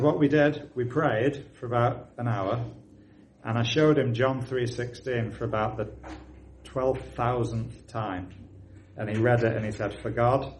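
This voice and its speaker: Preacher telling a story in a sermon. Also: male voice, mid-range voice, slight background noise, poor audio. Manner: storytelling, rising to loud excited emphasis.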